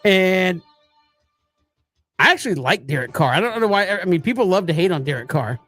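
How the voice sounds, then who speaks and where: A man's voice: high voice, expressive, brisk, a bit bright, faint music behind. A man co-hosting a sports talk show, chatting casually, laughing easily and poking fun at himself. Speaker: co-host.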